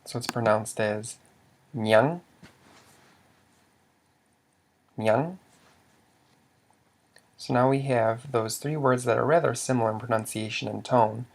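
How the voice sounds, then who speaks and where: A man's voice: mid-range voice, steady tone, fairly quick, gravelly, few pauses. A man teaching a language lesson, patiently quizzing the listener and sounding out example words. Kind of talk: slow instructional explanation.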